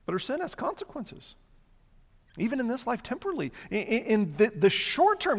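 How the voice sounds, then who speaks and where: Animated high-voiced man preaching in a hall. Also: normal speed, breathy edge. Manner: animated, breaks into mocking voices for complainers. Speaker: pastor. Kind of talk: sermon. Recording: long hall reverb.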